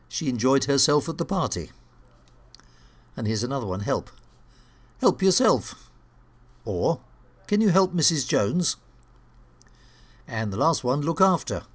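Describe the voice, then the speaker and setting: A middle-aged man teaching an English grammar lesson, reading clear scripted narration in a lively teacher's manner. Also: mid-range voice. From England.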